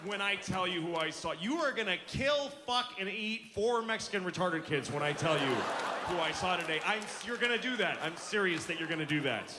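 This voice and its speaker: A male stand-up comedian ranting with profane exasperation and acting out quick voices on stage. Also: high-pitched. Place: large venue with live audience. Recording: live stage recording with reverb and audience noise.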